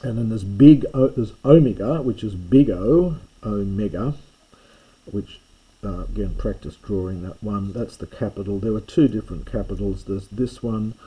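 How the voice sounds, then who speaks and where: Man teaching with a dark husky voice. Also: on the low side, poor audio. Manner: loose, self-correcting explanations with fillers and restarts. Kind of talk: recorded lecture on Greek pronunciation.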